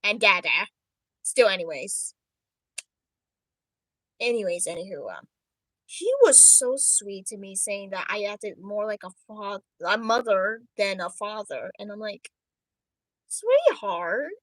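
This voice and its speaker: A woman's voice: medium pitch, animated, slow, pauses often, dry recording, pitched below the performer's own voice, poor audio. A woman playing a doting animatronic rabbit dad. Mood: flustered. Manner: chatty, giggly, flustered outbursts. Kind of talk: livestream role-play chat.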